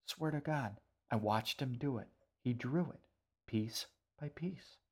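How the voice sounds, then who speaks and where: A man's voice: mid-range voice, takes it slowly, breathy edge. A man reading an audiobook voices an easygoing young boy who talks in a blunt, matter-of-fact way. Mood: offhand.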